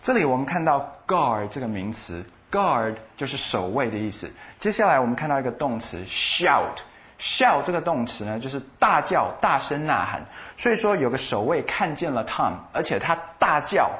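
A man co-hosting a radio English lesson, explaining words and quizzing his partner with animated emphasis. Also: medium pitch, moderate pace, dull audio. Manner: animated explaining, switching between Chinese and English. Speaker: bilingual co-host explaining in Chinese.

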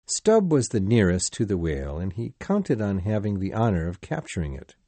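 A man narrating a storybook in a deliberate, expressive manner. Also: lowish voice, dry recording. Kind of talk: scripted audiobook narration.

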